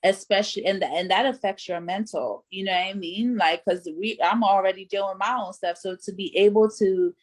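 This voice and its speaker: A woman's voice: medium pitch, brisk, hardly any pauses. Emphatic woman on a panel talk. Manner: emphatic, conversational, lots of fillers. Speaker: panelist and host. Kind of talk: casual panel discussion.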